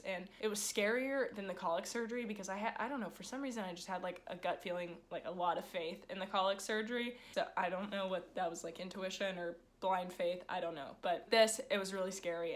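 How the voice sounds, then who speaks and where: A young woman vlogger telling a story in a casual, chatty way, full of "like", acting out what people said. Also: medium pitch. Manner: chatty, lots of "like", acts out quoted people. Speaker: vlogger, horse owner.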